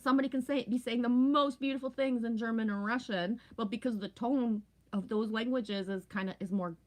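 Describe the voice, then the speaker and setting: A woman from Canada in her forties, chatting casually with viewers in a rambling, talkative way, often asking "right?". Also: medium pitch. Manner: rambling, talkative, frequent "right?" and "you know what I mean". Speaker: live stream host.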